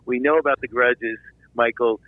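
A man from Philadelphia, a filmmaker guest, telling a long anecdote in an animated interview, with restarts and asides. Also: medium pitch, moderate pace, no echo, narrow, tinny audio. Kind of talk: storytelling interview.

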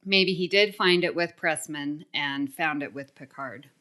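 A woman's voice: sits low, a little slow, pushed and bright. A woman hosting a casual podcast, upbeat, laughing often and reading listener mail aloud. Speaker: podcast host.

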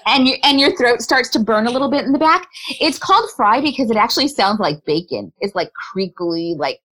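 A woman in a remote interview, a body language specialist, explaining her points in a lively way and laughing often. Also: a little high, brisk, poor audio. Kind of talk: conversational interview.

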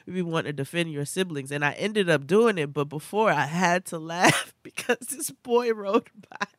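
A woman's voice: fairly low pitch, animated, normal speed, dry recording, clean studio sound. A woman co-hosting a podcast, joking bluntly and swearing casually. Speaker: podcast co-host. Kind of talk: casual chat.

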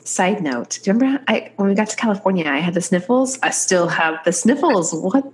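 A woman chiropractor co-hosts a conversational podcast, chatting easily and laughing, her voice stuffy from a cold. She speaks fairly quickly in an animated, medium-pitched voice.

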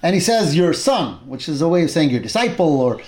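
Guy with a pretty high voice teaching torah class, tells the story all animated, drops hebrew words. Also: fairly quick. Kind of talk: retelling a Bible text in a class.

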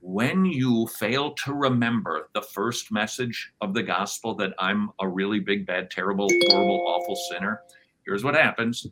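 A man's voice: on the low side, normal speed, noisy background. A man guest on a podcast, speaking emphatically in a sermon-like conversational way and acting out quoted voices. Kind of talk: conversational interview, sermon-like teaching.

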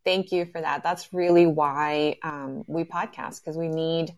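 Low gravelly woman hosting a live podcast. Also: fairly even intonation, measured pace, darkish tone. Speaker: podcast host. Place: live stage event.

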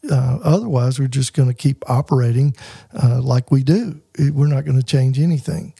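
A man's voice: medium pitch, normal speed, gravelly, mellow, slightly rough, dry recording, studio quality. A middle-aged man co-hosting a faith-based podcast, talking earnestly in a teaching tone and often restarting his sentences. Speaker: podcast co-host.

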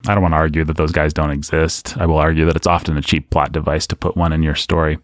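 A man co-hosting a podcast, talking in an animated, rambling and candid way about a book. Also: extremely low pitch, fast, no echo, clean studio sound. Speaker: podcast co-host. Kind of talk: casual book discussion.

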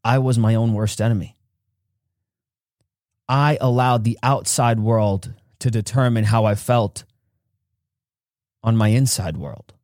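A man's voice: slow pace, pauses often, a little mellow, no echo, clean studio sound. A man hosting a podcast, telling a personal story with emphasis and acting out the voices of those in it. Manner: emphatic, acts out childhood dialogue with rising pitch. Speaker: podcast host.

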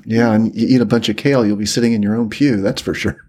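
A man co-hosting a comedy podcast, talking in a dry, deadpan, mock-earnest way. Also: lowish voice, fast talker. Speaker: podcast co-host.

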